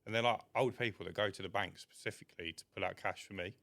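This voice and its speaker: A man speaks in a very deep, gravelly voice. He chats bluntly on a podcast and swears casually as he talks business. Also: fairly even intonation, fast talker, fairly bright tone. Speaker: podcast co-host, window cleaner. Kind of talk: casual chat.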